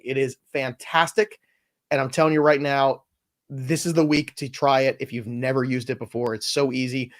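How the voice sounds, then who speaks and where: A man co-hosting a fantasy football show in casual chat, excitable and emphatic, prone to ranting. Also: mid-range voice. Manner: excitable, emphatic, quick to rant.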